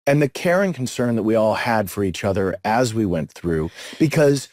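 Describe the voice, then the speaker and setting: A man's voice: lowish voice, animated, moderate pace, darkish tone, no room sound, clean studio sound. A middle-aged man co-hosting a podcast, chatting casually and telling rambling, jokey stories with repeated words. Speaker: podcast co-host.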